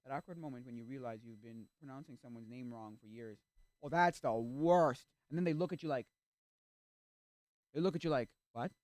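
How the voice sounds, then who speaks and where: Animated streamer man, dry close sound. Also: a little high, no room sound. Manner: animated, exasperated, acts out quoted reactions. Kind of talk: casual chat.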